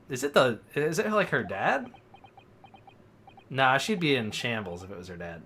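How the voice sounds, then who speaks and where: Man gamer, casual rambling commentary, lively pitch, faint background hiss. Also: normal speed, pauses often. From Russia. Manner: chatty, rambling, filler-heavy reactions. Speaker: let's play gamer.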